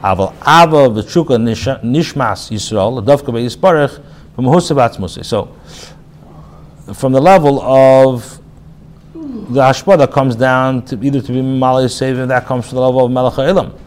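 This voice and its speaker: A rabbi giving a casual spoken class, reading phrases aloud and then explaining them in plain talk, with restarts and fillers. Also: male voice, mid-range voice, moderate pace. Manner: reads Hebrew phrases then paraphrases them in English; frequent restarts and filler, conversational. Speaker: rabbi teaching a text class.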